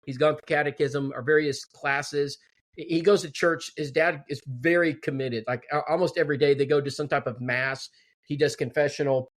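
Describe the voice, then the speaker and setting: Guy telling his testimony, kinda high voice, acts out the quotes. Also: moderate pace. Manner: animated, quoting others in dialogue. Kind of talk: casual storytelling.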